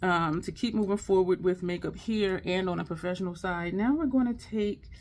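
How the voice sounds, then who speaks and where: A woman's voice: lowish voice, normal speed, a little mellow. A woman hosting her makeup channel, chatting casually and upbeat while doing her look, speaking straight to her viewers in an affirming way. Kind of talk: casual makeup tutorial chat.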